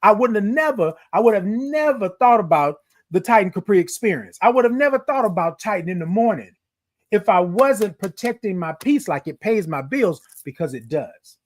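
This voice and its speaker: A young man hosts a motivational livestream and chats casually with his audience. His voice sits high and moves very expressively, rising and falling all the time. He greets viewers by name and stretches his hellos into a playful sing-song. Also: expressive, normal speed. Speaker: livestream host.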